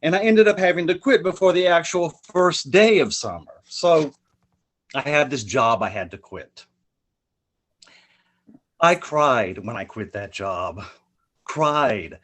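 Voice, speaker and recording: A spoken word poet performs a story piece with dramatic emphasis. His voice sits higher than most men's, and he comes through over a video call. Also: lively intonation, slow pace, long pauses, fairly bright tone.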